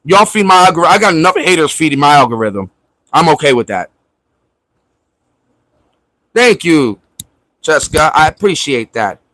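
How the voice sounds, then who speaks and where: High-voiced guy on a livestream roasting a troll, dry close sound. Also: very animated, moderate pace, long pauses, pushed and bright, dry recording, rough recording. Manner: mocking, profane ranting at a viewer. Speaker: livestream host. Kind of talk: casual livestream chat. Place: at home in Florida.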